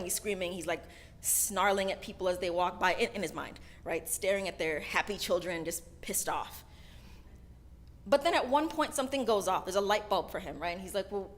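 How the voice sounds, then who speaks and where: A woman's voice: lowish voice, fairly bright tone. A woman giving a casual storytelling sermon at a synagogue service, chatty and keeps adding "right?" as she talks. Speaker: sermon speaker.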